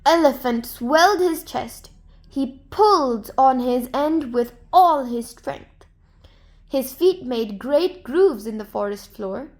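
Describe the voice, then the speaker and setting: A woman narrating a folktale to children in a gentle, expressive storybook manner. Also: sits high, takes it slowly.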